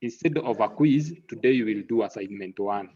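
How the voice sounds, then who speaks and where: A man lecturing an online class, halting and repeating words, slipping into Swahili now and then. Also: lowish voice, dark tone. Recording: muffled lo-fi audio.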